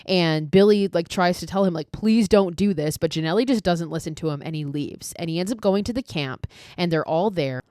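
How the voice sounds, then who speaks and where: A woman's voice: on the low side, brisk, hardly any pauses, a little mellow, clear, resonant tone, dry recording, studio quality. A woman hosting a podcast, recapping a film in a chatty, casual way, swearing freely and saying "like" often. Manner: chatty, profane, heavy use of "like". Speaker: podcast host.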